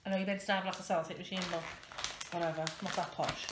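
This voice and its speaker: Her lowish voice stays level in tone and runs fast as this thirtysomething vlogger wraps presents at home. She rambles casually and pokes fun at herself, and the echoey room carries clear background noise.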